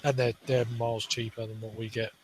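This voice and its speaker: A man's voice: mid-range voice, level tone, fairly quick, slight background noise, low-quality recording. A man co-hosting a casual podcast chat, laid-back with short remarks and casual swearing. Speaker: podcast co-host.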